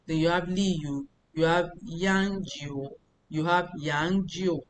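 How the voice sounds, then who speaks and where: Woman tutoring, slow careful repeats. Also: on the low side, steady tone, a little hiss or hum, low-quality recording. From Nigeria. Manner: repeats phrases slowly and explains step by step. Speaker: language tutor. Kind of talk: teaching a language lesson.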